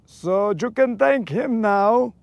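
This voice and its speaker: A man putting on a hammy adult male vampire count voice, theatrical and drawn-out, during a live fishing stream. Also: sits high, gravelly, darkish tone, no room sound, lo-fi sound, pitched above the performer's own voice, exaggerated voice.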